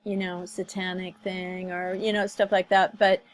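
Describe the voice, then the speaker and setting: A woman giving casual commentary in a vlog. She speaks in an unhurried, deliberate way and often stops to search for her words with fillers. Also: lowish voice, little pitch movement, dry recording, poor audio. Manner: slow, thoughtful, many fillers and restarts. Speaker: commentary vlogger. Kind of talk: casual commentary on a video clip.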